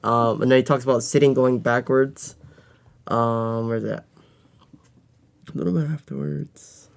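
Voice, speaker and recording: A man's voice: mid-range voice, fairly even intonation, a little slow, vocal fry, smooth. A man co-hosting a casual podcast, rambling with lots of filler words. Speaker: podcast co-host.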